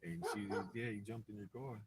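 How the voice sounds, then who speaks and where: A man with a lowish voice talks fast over a loud crowd, rambling through a long personal story in casual live-stream chat. He keeps restarting and acts out quotes, and the distant mic picks up plenty of clear background noise.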